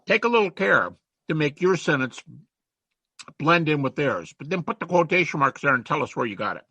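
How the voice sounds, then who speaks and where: An older man lectures in a chatty, emphatic way. His voice is bright and slightly husky, pitched a little higher than most men. The recording is dry, with no room sound. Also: animated, a little fast, no echo, muffled recording. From United States. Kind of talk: informal lecture.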